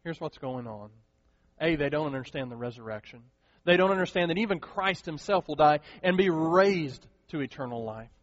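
A pastor preaching a sermon, animated and acting out the voices of the people he quotes. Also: a little high, normal speed. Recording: dull, long hall reverb.

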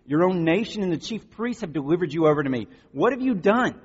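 Un gouverneur romain sévère et exaspéré, qu'un prédicateur fait entendre, la voix haute, éraillée et pressante, captée de façon terne dans une grande salle qui résonne. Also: male voice, high-pitched, expressive, brisk, breathy edge, pitched above the performer's own voice. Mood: insistent. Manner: loud, raised, insistent questioning. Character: Roman governor, stern, pressing, exasperated. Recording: dull recording in large echoing hall.

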